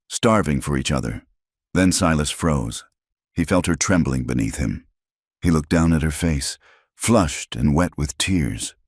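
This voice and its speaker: Male audiobook narrator, very deep, steady measured delivery, dry close mic. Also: no echo.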